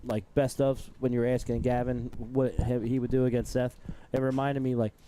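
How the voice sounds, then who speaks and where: A man co-commentating a darts stream, telling a rambling, halting story in casual banter. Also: medium pitch, little pitch movement, mellow, slight background noise, poor audio.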